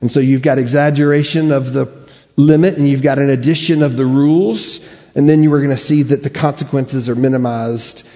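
A man's voice: medium pitch, fairly even intonation, brisk, dark tone. A male pastor preaching a sermon earnestly, using rhetorical questions and emphatic repetition. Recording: long reverb of a large hall.

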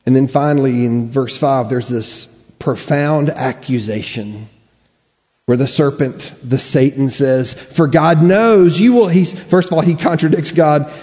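A man's voice: mid-range voice, measured pace, dark tone. A male pastor preaching a sermon earnestly, using rhetorical questions and emphatic repetition. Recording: long reverb of a large hall.

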